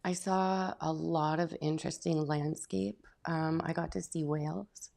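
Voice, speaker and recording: A woman guest in a casual interview, recounting her travels calmly and unhurriedly, indoors. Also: sits low, unhurried, vocal fry. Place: indoor arts creation center.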